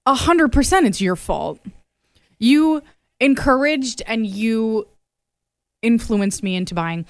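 A woman co-hosting an afternoon radio podcast, chatting casually and telling lively stories with frequent laughs. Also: on the high side, slow, no room sound. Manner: animated storytelling, laughs often. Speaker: radio co-host. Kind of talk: casual chat. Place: radio studio.

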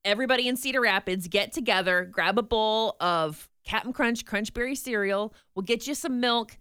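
Brief: bubbly female radio co-host, bright and lively, smooth voice. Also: on the high side, no echo, clean studio sound. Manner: bubbly, quick to react and joke. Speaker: radio morning show co-host. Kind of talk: casual radio banter. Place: radio studio.

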